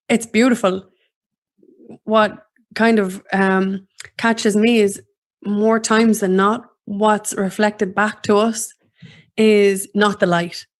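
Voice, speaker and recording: A woman hosts a relaxed interview chat. Her delivery is slow and reflective, full of pauses and fillers, with a notably flat, even pitch. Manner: slow, thoughtful, with many fillers. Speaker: host.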